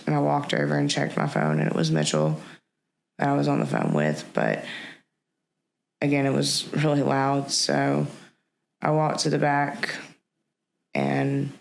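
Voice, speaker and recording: A woman speaks as a podcast guest in a heavily gravelly, creaky voice. Her pitch moves up and down a lot as she tells a personal story. She talks haltingly and reflectively, pausing and restarting often. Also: slight background noise.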